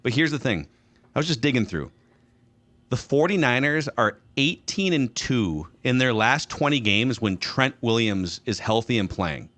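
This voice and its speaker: A man hosting a sports podcast who backs up his points with statistics in a measured, casual way. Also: mid-range voice, lively intonation, a bit bright. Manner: stat-driven, measured, some fillers. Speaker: podcast host.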